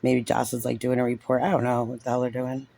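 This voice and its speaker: A man's voice: medium pitch, completely flat delivery, fast, creaky, dark tone. A man giving casual, sarcastic and frustrated reaction commentary on a recorded meeting, saying "like" constantly. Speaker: parent reviewing a recorded meeting.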